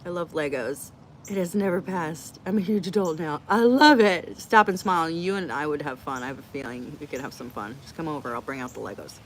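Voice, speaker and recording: A woman's voice: deep voice, brisk, slight background noise. Chatty, blunt woman on a live stream. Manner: chatty, blunt and joking, reacting to comments. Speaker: livestream host answering chat. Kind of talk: casual live Q&A chat.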